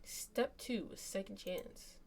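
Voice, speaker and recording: A woman's voice: mid-range voice, slow pace, creaky, a little mellow, a little hiss or hum. A woman streamer casually narrating a story game, reading the text aloud and chatting between passages.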